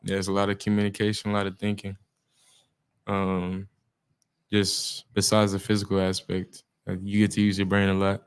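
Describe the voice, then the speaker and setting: A teenage football player talks casually about his team in a relaxed, informal way, with lots of "uh"s. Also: low voice, normal speed, clear, resonant tone. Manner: relaxed, informal speech with "we be" phrasing and many "uh"s. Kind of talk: casual interview chat.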